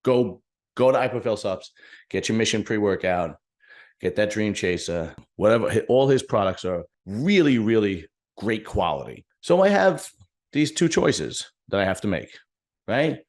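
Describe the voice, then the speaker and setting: A man's voice: on the low side, very animated, moderate pace, darkish tone. A man hosting his own bodybuilding show, talking candidly and at length to viewers, rambling and restarting as he reflects. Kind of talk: casual solo talk to viewers.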